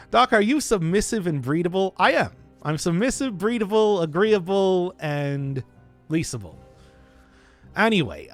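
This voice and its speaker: High, lively male gaming streamer. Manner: jokey, rambling, self-interrupting. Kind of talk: casual gameplay commentary.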